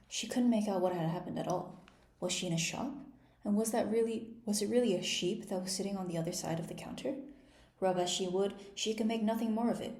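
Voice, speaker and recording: A woman narrating a children's storybook in a gentle, clear reading-aloud manner. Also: mid-range voice, echoey room. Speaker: storybook reader.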